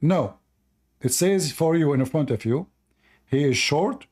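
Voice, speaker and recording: A man's voice: fairly high pitch, expressive, takes it slowly, darkish tone. A man hosting a heated live debate, arguing hard, interrupting and repeating himself, and losing his voice. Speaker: host.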